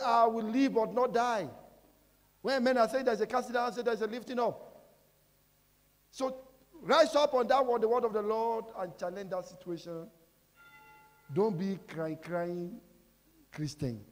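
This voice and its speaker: A man preaching a sermon as pastor, asking the congregation questions and breaking into sudden shouts. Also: high voice. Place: large church hall. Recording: reverberant hall with music behind.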